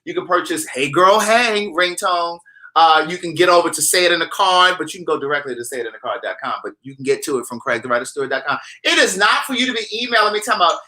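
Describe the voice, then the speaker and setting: Sassy, animated male vlogger. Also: a little high, fast. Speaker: vlogger host. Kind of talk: casual direct-to-camera vlog.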